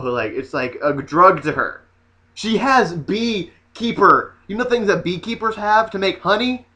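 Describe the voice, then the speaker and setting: A man vlogging in a casual comedic rant, sassy and animated with mocking asides. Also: high-pitched.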